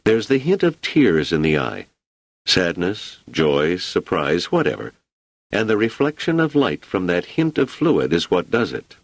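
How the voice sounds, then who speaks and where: An exacting, patient scientist, as a deep-voiced narrator plays him, coaching step by step with lively, shifting inflection. The reading is close and dry, with no room around it. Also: male voice, a little slow, gravelly, no room sound, exaggerated voice. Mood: explaining. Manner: instructive, coaching.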